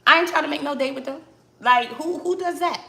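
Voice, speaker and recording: A woman with a Brooklyn accent talking casually and candidly, loud and direct, in a reflective vlog. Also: high voice, a little fast, gravelly, reverberant. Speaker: spiritual vlogger, tarot reader.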